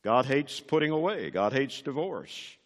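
A man's voice: mid-range voice, sing-song, measured pace, in a large hall. An older man preaching a sermon as pastor, emphatic and rising on key words.

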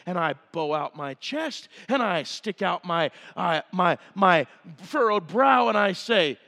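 A man preaching a revival sermon, telling a story with animated, emphatic delivery. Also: high voice, normal speed. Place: church sanctuary. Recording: long reverb of a church hall.

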